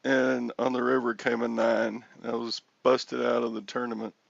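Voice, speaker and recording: Older male host, gravelly and slow, rambling anecdotal storyteller on a dull headset mic. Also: mid-range voice, no room sound. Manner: rambling storyteller, chuckling, yells excitedly when reenacting. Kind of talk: casual chat. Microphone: headphones with mic.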